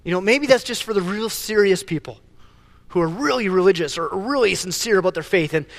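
High-voiced preacher in a reverberant hall. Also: male voice, a little fast. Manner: animated, stumbles and repeats words. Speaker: pastor. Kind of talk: sermon.

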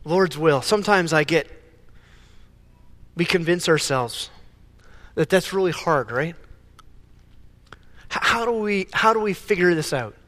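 A man preaching a sermon as pastor, animated, often stumbling and repeating words as he builds a point. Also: a little high, measured pace, long pauses, in a large hall.

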